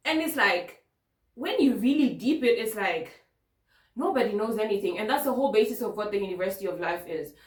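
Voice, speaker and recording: A woman hosting her own podcast in casual solo talk, animated and emphatic, repeating words for stress. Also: medium pitch. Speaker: podcast host. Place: outdoors at sunset. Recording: roomy, a bit far from the mic.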